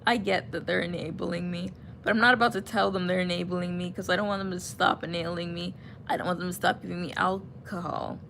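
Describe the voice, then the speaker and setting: A woman's voice: fairly low pitch, steady tone, brisk, gravelly, a bit bright, a little hiss or hum. A young woman chatting casually on a livestream, answering viewer comments and drifting, laughing and trailing off mid-sentence. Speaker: vlogger reading viewer comments. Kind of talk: casual rambling livestream chat.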